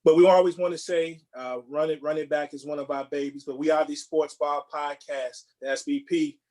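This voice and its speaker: A man co-hosting a movie podcast in casual chat, relaxed and rambling, often repeating words and restarting. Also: a little high, a little fast. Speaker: podcast co-host.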